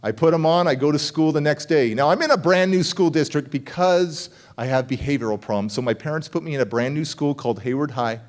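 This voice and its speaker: A middle-aged man giving a motivational speech and telling a story from his youth in an animated way, acting out the voices of the people in it. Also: a little high, brisk, hardly any pauses. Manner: animated, acts out voices in dialogue. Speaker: motivational speaker.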